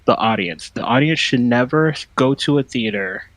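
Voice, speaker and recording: A man co-hosting a podcast in casual chat, animated and acting out quoted lines as he talks. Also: medium pitch, normal speed, creaky, dry recording, low-quality recording. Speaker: podcast co-host.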